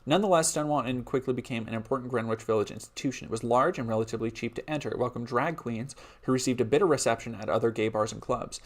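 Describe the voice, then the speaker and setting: A man's voice: mid-range voice, fast, few pauses. Man reading history with casual asides. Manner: casual, laughing asides between read passages. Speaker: streamer.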